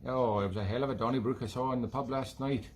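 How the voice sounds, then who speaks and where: Man playing a cheeky male leprechaun, put-on Irish brogue, rambling corny jokester, middle pitch, faint background noise. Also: steady tone, quick pace, close to an everyday voice. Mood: playful. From Scotland. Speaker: musician and show host. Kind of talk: casual comic chat between tunes.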